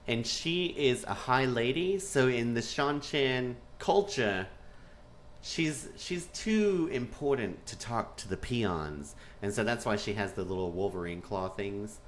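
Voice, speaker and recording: A man talking through a fantasy episode breakdown, animated and excitable, and he laughs often. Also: mid-range voice, unhurried, slight background noise. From Texas. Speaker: show reviewer.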